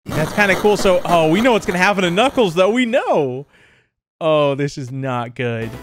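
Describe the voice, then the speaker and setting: A man's voice: high voice, lively intonation, moderate pace, background noise. A young man giving casual let's play commentary on a horror game, jumpy and laughing, yelping when startled. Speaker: gaming YouTuber.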